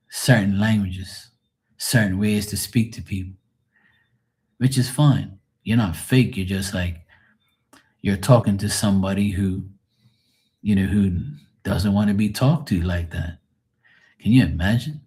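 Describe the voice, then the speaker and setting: A man from Bermuda, chatting casually on a livestream as a tarot reader, telling lively stories and swearing freely. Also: fairly low pitch. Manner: animated storyteller who swears freely and acts out other voices.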